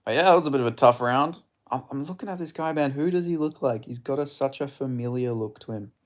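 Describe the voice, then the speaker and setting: A man streaming live fight commentary, excitable and swearing, chatting with his viewers between rounds. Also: mid-range voice, quick pace.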